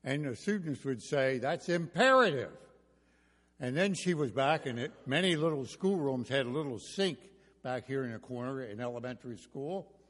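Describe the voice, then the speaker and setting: A man's voice: mid-range voice, animated, moderate pace. An older man delivers a sermon with a storyteller's touch, mixing homespun anecdotes and light humor. His voice sits in the middle of the male range. The church hall adds a long, ringing reverb. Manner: folksy storytelling with jokes. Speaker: pastor. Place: church sanctuary.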